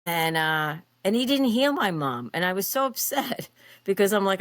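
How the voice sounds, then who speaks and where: A woman in her fifties, a podcast guest, telling her personal story in an expressive, animated way with frequent fillers. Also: medium pitch, normal speed, no room sound.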